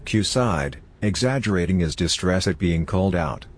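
A man reading a story aloud as narrator in a steady, even manner. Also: low-pitched, moderate pace. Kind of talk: fan fiction audiobook reading.

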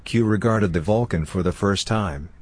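A man reading a story aloud as narrator in a steady, even manner. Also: lowish voice, moderate pace, dry recording. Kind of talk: fan fiction audiobook reading.

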